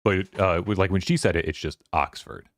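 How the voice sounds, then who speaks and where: A man's voice: deep voice, normal speed, dry recording. A man hosting a casual book club discussion on a stream, rambling and paraphrasing scenes from the story.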